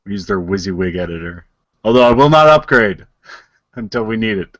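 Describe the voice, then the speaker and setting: A man's voice: lowish voice, lively intonation, moderate pace, fairly bright tone, dry recording. A man co-hosting a podcast in casual chat, laughing often and explaining with lots of fillers. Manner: giggly, chatty, filler-heavy explaining. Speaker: podcast co-host.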